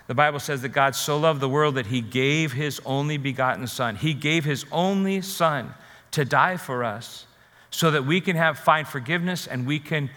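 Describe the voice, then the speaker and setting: A man preaching a sermon as pastor, rising and falling with emphasis and dramatic pauses. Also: sits high, bright, forceful tone, long reverb tail.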